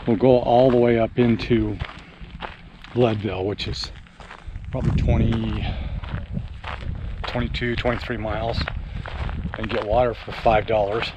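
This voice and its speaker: An older man vlogging casually on a morning hike, slightly out of breath and rambling with many pauses, recorded outdoors on a handheld camera. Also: fairly low pitch, little pitch movement. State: a little out of breath. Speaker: RV travel vlogger. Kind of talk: casual walking vlog. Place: outdoors on a mountain campground hillside. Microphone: handheld camera while walking. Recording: outdoor wind and ambient noise.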